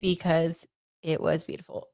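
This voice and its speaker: A woman's voice: low voice, flat delivery, moderate pace, darkish tone, no room sound, clean studio sound. Chatty, gushing young woman reading tarot. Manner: chatty, gushing, many "like"s and "oh my God"s; reads out viewer comments. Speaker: tarot livestream host. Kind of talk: casual livestream chat with tarot reading.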